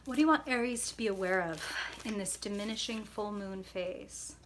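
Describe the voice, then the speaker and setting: A woman's voice: medium pitch, normal speed, a bit bright, slight background noise. A woman hosting a live tarot stream, bubbly and chatty, greeting viewers by name and laughing often.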